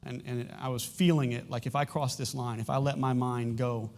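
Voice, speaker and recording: A middle-aged pastor addresses his congregation from a church stage, with a voice of ordinary middle pitch for a man. He talks candidly and haltingly, restarting sentences as emotion presses in, plainly struggling to hold it together. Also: steady tone, darkish tone. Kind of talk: sermon announcements and personal testimony. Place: church sanctuary.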